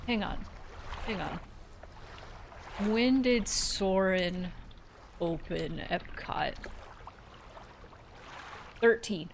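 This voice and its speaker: A mid-range voice with slight background noise belongs to a woman in her thirties from Central Florida doing casual gameplay commentary. She rambles through stories, swears a bit, and laughs at herself.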